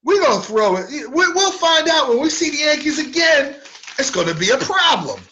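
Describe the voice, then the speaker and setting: A man putting on a high, swaggering voice to mock a baseball coach's threats. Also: sing-song, normal speed, pushed and bright, muffled recording, full character voice. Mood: taunting. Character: boastful male baseball coach talking tough.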